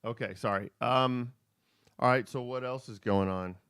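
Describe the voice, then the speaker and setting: A man's voice: mid-range voice, moderate pace, fairly bright tone, clean tone, no echo, clean studio sound. A middle-aged man hosting a casual family chat show, laid-back, joking and teasing. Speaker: host, father of his co-host.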